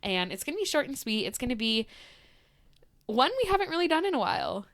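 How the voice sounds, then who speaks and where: A woman co-hosting a podcast in casual chat, bubbly and quick to laugh as she tells stories. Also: high-pitched, dry recording, clean studio sound. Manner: bubbly, laughs often, animated storytelling. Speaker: podcast co-host.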